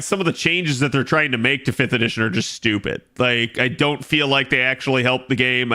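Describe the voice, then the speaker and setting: Casual streamer guy with a bright, forceful voice who rambles loosely and thinks out loud. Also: mid-range voice. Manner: rambling, thinks aloud with many fillers. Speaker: game streamer chatting with viewers. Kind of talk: casual live-stream chat.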